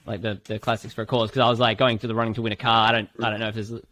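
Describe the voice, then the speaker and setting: A man's voice: on the low side, very fast, a little hiss or hum. Rambling Australian man, casual podcast. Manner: rambling, animated, frequent swearing and fillers. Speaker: filmmaker and podcast host.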